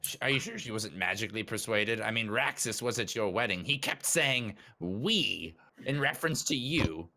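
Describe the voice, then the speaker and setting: A man's voice: fairly low pitch, moderate pace, background noise. A man playing a tabletop role-playing game, chatting with friends and slipping into his character's lines. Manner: lively, speaks in character and narrates own actions. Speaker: player. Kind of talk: tabletop role-play chat.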